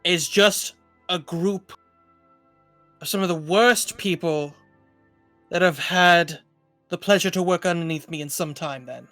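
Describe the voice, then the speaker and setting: A man puts on a scornful king, slow and weighty in his speech. The voice is close and dry, with faint music underneath. He sounds fed up with everyone in front of him. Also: high voice, bright, forceful tone, no echo. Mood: contemptuous. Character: irritated human king scolding staff.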